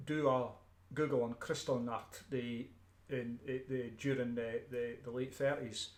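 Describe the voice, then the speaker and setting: A Scottish street preacher speaks in an unscripted, emphatic rant at an ordinary middle pitch. He repeats words, restarts sentences and clears his throat often. His voice rings back from a bare, echoey room. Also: level tone, a little slow. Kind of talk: unscripted ranting monologue.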